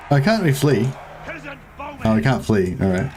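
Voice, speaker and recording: A man's voice: mid-range voice, sing-song, normal speed, long pauses, music in the background. A young man casually commentating a strategy game as he plays, rambling, joking with his viewers and swearing now and then. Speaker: gaming streamer. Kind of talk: casual let's-play commentary.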